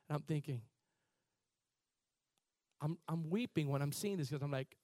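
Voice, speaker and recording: A man preaching a sermon as pastor, building from quiet, halting passages to loud, impassioned peaks. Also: a little high, dry recording, studio quality.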